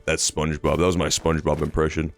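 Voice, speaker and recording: Low-voiced joking streamer man. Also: big pitch swings, normal speed, faint music behind. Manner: joking, profane, jumps between high and low pitch. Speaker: game streamer. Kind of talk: casual gameplay commentary.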